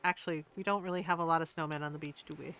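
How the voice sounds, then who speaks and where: A woman's voice: sits low, fairly even intonation, rapid-fire, fairly bright tone, slight background noise. A woman streaming a cozy game, chatting casually and thinking aloud with plenty of fillers. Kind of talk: casual gameplay chat.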